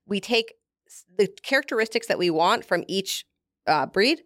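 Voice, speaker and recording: A woman's voice: medium pitch, animated, moderate pace, fairly bright tone, no echo. A woman, a beef company representative, explaining at length in a casual interview, with frequent fillers.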